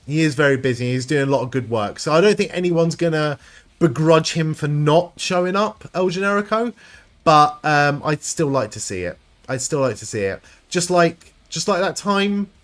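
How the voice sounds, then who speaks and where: A man's voice: on the high side, animated, normal speed. A man hosting a live stream, chatting casually with viewers, rambling and swearing freely. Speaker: livestream host reading chat.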